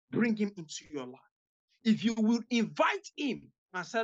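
A woman's voice: medium pitch, sing-song, moderate pace, darkish tone, lo-fi sound. A woman preaching as a guest evangelist, making fervent, repetitive appeals to her listeners.

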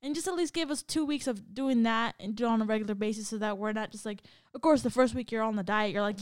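A young adult woman co-hosting a podcast in casual chat, joking and quick to laugh. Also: a little high, clear, resonant tone, no echo. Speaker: podcast co-host.

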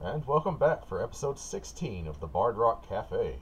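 A man running a tabletop game as game master, setting scenes in a relaxed, patient way. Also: fairly low pitch, moderate pace, soft background music.

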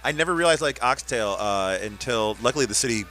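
A man's voice: medium pitch, expressive, fast, fairly bright tone, faint music behind. A man hosting a radio show, chatting casually and reading listener messages aloud in an upbeat way. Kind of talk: casual on-air chat.

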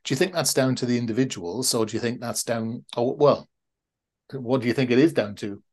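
A man with a husky, slightly breathy voice hosts a podcast interview. He asks reflective questions in a mid-range voice, thinking aloud and restarting his sentences as he goes. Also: medium pitch, a little fast. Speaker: podcast host.

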